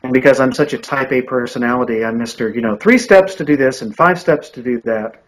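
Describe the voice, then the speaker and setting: A man's voice: medium pitch, brisk, low-quality recording. A man in his forties, an audiobook narrator and coach, giving thoughtful, earnest answers in a podcast interview. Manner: earnest and thoughtful, with frequent restarts.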